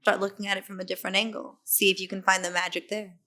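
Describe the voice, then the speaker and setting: A woman from East Los Angeles, an actress chatting as a guest, who lively acts out her own reactions in quoted voices. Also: mid-range voice, fast. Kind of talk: casual chat.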